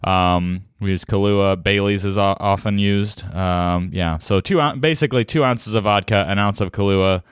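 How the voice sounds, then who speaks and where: A man's voice: lowish voice, normal speed, hardly any pauses, smooth, dry recording, studio quality. A man co-hosting a podcast, chatting casually and joking with frequent laughs. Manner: jokey, laughs easily. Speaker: podcast co-host. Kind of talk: casual chat.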